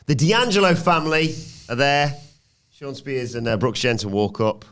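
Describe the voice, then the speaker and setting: A man's voice: medium pitch, very animated, normal speed, a bit bright. A man hosting a podcast, rambling through a recap with frequent laughs. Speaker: podcast host. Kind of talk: casual chat recapping a show.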